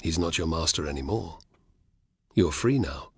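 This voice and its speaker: A rebel leader speaks low and measured with quiet authority, as a male narrator voices him. His voice is slightly husky, and the storybook recording is dry and close. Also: lively intonation, no room sound, heavily acted. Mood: reassuring. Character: calm commanding rebel leader, older man, friendly authority.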